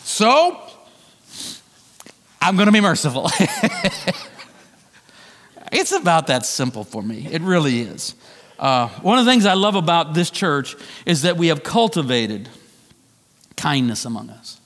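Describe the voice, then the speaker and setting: A middle-aged man preaching a sermon as pastor, conversational and animated, with self-deprecating asides. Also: a little high, normal speed, pauses often, long reverb tail. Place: church sanctuary.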